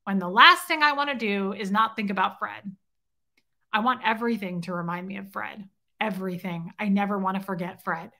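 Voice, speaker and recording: Bright-voiced, outspoken woman vlogger. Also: medium pitch, fairly quick. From grew up in Scientology. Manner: outspoken, indignant, swears freely; rambling, loops back with "okay?" and "right?". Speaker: vlogger telling a personal story. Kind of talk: emotional storytelling to camera.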